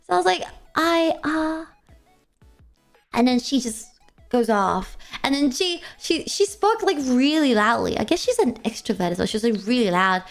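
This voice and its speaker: Casting note: young woman, high voice, chatty streamer storytelling with many fillers, faint music underneath. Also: very animated, normal speed. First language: English. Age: young adult. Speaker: vtuber streamer. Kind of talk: casual chat.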